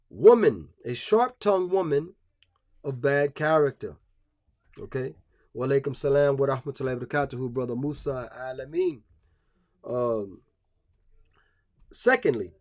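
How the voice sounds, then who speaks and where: A man's voice: a little high, darkish tone. A man giving a live-streamed religious talk, preachy and emphatic, with many fillers and restarts.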